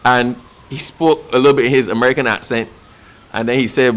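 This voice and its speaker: A man's voice: mid-range voice, steady tone, brisk, a bit bright, smooth. Passionate Barbadian man, emphatic. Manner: passionate, emphatic, repeats phrases for effect. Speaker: official speaking about national celebrations. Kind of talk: interview answer.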